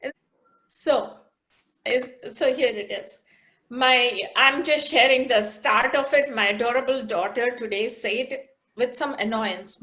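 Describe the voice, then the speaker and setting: A woman's voice: sits high, slow pace, bright, forceful tone. A middle-aged woman speaking as an interview guest, thoughtful and a little hesitant, who also reads a poem aloud. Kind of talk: conversational interview with poetry reading.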